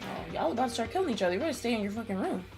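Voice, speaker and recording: A woman's voice: fairly high pitch, lively intonation, rapid-fire, a little mellow. A woman streamer chatting casually while reading a visual novel aloud, sarcastic and full of profanity. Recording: game music under the voice. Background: game music.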